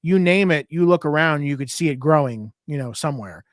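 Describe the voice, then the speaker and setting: A man's voice: on the high side, expressive, a little fast, dry recording, studio quality. A man co-hosting a podcast, chatting casually and telling easygoing travel stories. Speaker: podcast co-host.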